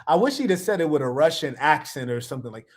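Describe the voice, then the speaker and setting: A man talks over clips in a relaxed, joking reaction style. He tells stories with lots of slang and a playful edge. His voice sits a little high for a man. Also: fast talker. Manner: playful, animated storytelling with slang. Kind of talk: casual reaction commentary.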